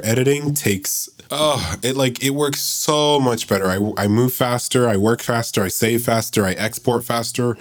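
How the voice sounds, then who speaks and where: A young man with a slight lisp banters on a podcast in a playful, excitable way. His pitch swoops up and down constantly as he jokes and teases. It is casual, giggly conversation between friends. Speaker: podcast co-host. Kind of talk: casual chat.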